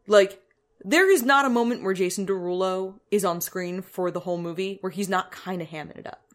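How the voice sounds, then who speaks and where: A woman with a mid-pitched voice hosts a podcast in relaxed conversation. She lays out details step by step and drops in dry, wry asides as she goes. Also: fairly quick. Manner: explanatory, walks through details with dry asides. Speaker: podcast host. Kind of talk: casual chat.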